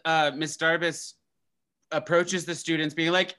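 Young guy guest, bright n kinda high voice, rambles, trips over words. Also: moderate pace, clean tone. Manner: animated, rambling, many restarts. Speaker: podcast guest. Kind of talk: casual chat.

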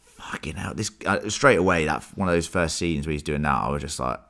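A man hosting a casual film discussion podcast, animated and swearing freely as he recaps the plot. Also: rumbling low, fast. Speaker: podcast host.

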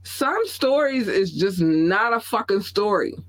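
Woman podcast host, mid-pitched, opinionated and profane, easygoing chat about entertainment news. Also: animated, measured pace, low-quality recording. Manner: candid, opinionated, reads viewer comments aloud; blunt and profane. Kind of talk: casual entertainment news commentary.

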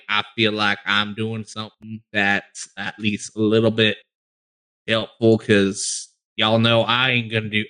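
A man's voice: lowish voice, pushed and bright, clean tone, pitched below the performer's own voice. A man voicing a folksy male forest gnome adventurer with a rambling drawl in a tabletop role-play.

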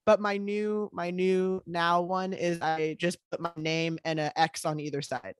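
A woman with a somewhat low voice chats as a podcast co-host. She laughs easily and wanders through her thoughts, often restarting her sentences. The recording is dry and close-miked. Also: flat delivery, a little slow, clear, resonant tone, no room sound. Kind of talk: casual chat.

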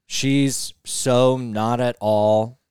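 A man co-hosting a casual podcast chat, animated and swearing freely. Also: medium pitch, extremely slow, smooth, no room sound, studio quality. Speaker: podcast co-host.

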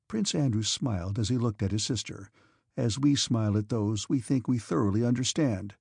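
Mellow, husky male audiobook narrator. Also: medium pitch, dry recording, studio quality. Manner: measured, steady reading. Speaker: audiobook reader. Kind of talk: scripted narration.

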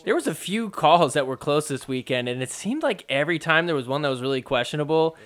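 A man's voice: fairly high pitch, lively intonation, quick pace, a bit bright. A man hosting a podcast, giving a casual, joking play-by-play recap of matches and poking fun at the referees. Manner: joking, mocks referees in quoted asides.

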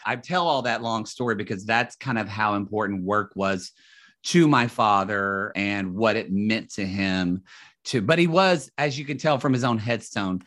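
A man's voice: lowish voice, moderate pace, a bit bright. A man talking casually as a podcast guest, telling a long family story with many restarts.

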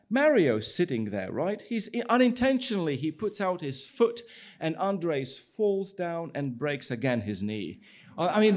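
Lively-voiced man preaching a sermon. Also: a little high. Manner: animated storytelling with acted-out dialogue. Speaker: pastor.

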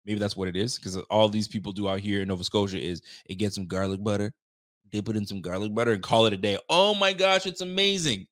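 A man's voice: fairly low pitch, level tone, fast, dry recording, studio quality. Slangy, joking male sports host. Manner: loose, joking, slangy and laughing often. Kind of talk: casual post-game reaction chat. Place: Nova Scotia.

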